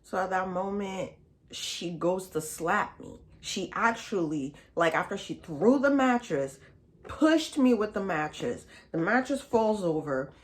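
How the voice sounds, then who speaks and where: A woman's voice: medium pitch, animated, measured pace. A woman vlogger telling a storytime in a casual, blunt and profane, chatty way.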